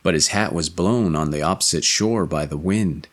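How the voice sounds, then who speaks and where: A man narrating a fairy tale in an expressive storybook reading. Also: low-pitched, normal speed.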